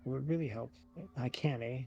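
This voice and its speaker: A man's voice: mid-range voice, fairly quick, gravelly, darkish tone, lo-fi sound. A man acting as game master of an online tabletop game, laughing often and using lots of fillers.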